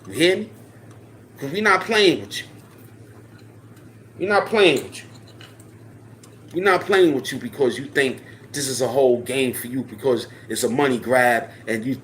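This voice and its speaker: Confrontational man ranting at the camera. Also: a little hiss or hum. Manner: confrontational, profane, repetitive dares; swings from low mutter to loud challenge. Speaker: channel host. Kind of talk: direct-to-camera rant.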